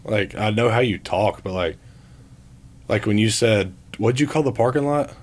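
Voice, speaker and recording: A man's voice: on the low side, normal speed. A man in his twenties co-hosting a casual podcast chat. He is laid-back and fills his sentences with "like". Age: 20s. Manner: laid-back, leans on "like" as filler. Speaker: podcast co-host, college football player.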